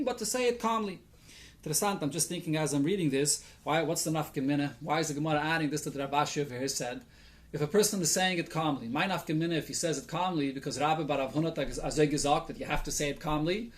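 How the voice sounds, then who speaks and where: A man teaching a daily Talmud lesson as a rabbi, reading the Aramaic text and explaining it in English sprinkled with Yiddish and Hebrew terms, thinking aloud as he goes. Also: on the high side. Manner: thinks aloud, with restarts and fillers.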